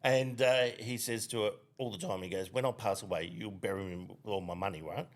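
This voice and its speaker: A man's voice: lowish voice, brisk. An Australian man co-hosting a podcast, telling rambling crude jokes with plenty of swearing and laughter. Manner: rambling joke delivery with frequent laughter and swearing. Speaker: podcast co-host. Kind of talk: casual crude joke-telling chat.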